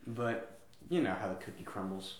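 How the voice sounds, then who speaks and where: A young man co-hosting a podcast in casual chat, joking and laughing often, now and then shouting out mock quotes. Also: fairly low pitch, animated, normal speed. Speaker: podcast co-host. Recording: echoey room.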